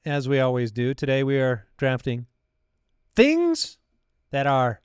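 A man's voice: medium pitch, wildly swooping pitch, unhurried, smooth, no room sound, clean studio sound. A man hosting a podcast in a casual, laid-back way, laughing easily as he reads listener questions. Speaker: podcast host. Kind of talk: casual chat.

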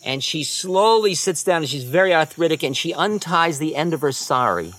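A man, a spiritual teacher, telling unhurried rambling anecdotes with soft trailing asides. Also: fairly high pitch, animated, no room sound. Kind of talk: storytelling talk.

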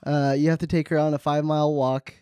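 A man's voice: a little high, little pitch movement, fast talker, a little mellow, clear, resonant tone, dry recording, studio quality. A man co-hosting a podcast in a joking, casual way, often laughing and slipping into silly bits. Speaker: podcast co-host. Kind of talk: casual comedic chat.

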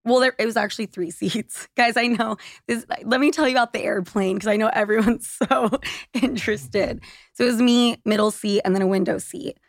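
A woman guesting on a podcast, chatting casually in a fairly high voice. The recording is dry and close, with no room sound. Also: steady tone, fairly quick, no room sound. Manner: chatty, laughs through her story. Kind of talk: casual chat.

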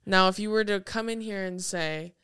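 A woman's voice: medium pitch, moderate pace, smooth, dry recording, clean studio sound. A young woman co-hosting a podcast, chatting casually and acting out movie scenes with plenty of swearing. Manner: animated storytelling, swears freely, acts out movie lines. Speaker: podcast co-host. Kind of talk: casual chat.

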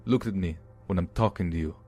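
A man's voice: low-pitched, a little fast, mellow, slightly rough. A man doing a huge slurring drunk brute. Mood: menacing. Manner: slurred, hostile. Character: huge bald drunk male brute, menacing.

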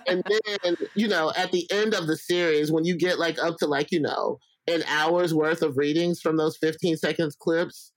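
A man's voice: fairly high pitch, steady tone, moderate pace, no echo, poor audio. Playful, profane, rambling male guest from Alabama, dry close sound. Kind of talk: casual interview chat.

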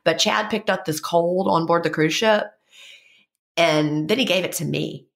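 Gravelly low-voiced woman with a stuffy cold. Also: measured pace. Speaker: podcast co-host. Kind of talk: casual podcast chat.

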